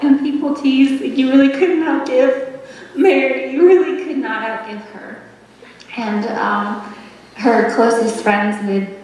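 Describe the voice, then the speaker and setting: A woman gives a memorial tribute about her late mother, laughing softly and stopping often to find her words. Her voice carries from a distance through a large room with a long, ringing echo. Her pitch sits in the middle of the range and her pace is slow. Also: a little hiss or hum. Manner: warm, laughing, halting with fillers. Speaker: eulogy speaker. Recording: echoey hall from far off.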